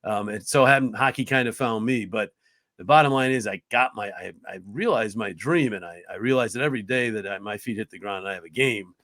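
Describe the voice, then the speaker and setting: A man in his fifties from upstate New York, a hockey play-by-play broadcaster, telling career stories as a podcast guest. He talks in a lively, earnest way, restarts often, and jumps his voice up to act out what others said. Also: on the low side, a little fast, no echo, clean studio sound. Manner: lively storyteller who acts out other people's lines with his voice jumping up; frequent restarts and "uh"s, chatty and earnest. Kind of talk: conversational storytelling in a podcast interview.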